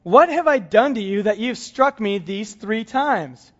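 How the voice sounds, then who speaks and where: Talking female donkey as a man puts her on, plaintive and puzzled, high-pitched, dull lo-fi. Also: expressive, unhurried, fairly bright tone, exaggerated voice. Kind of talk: sermon.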